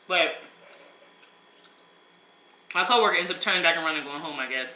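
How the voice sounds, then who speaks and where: A woman's voice: lowish voice, big pitch swings, fairly quick, long pauses, bright, forceful tone, roomy sound, poor audio. A young woman, telling a story casually and emphatically while eating. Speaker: vlogger.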